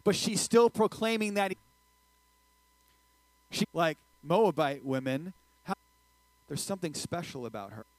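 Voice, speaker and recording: Male pastor mid-sermon, playful and animated, close dry mic. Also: fairly high pitch, a little slow, pauses often, dry recording, low-quality recording. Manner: lively, joking, swings loud and quiet.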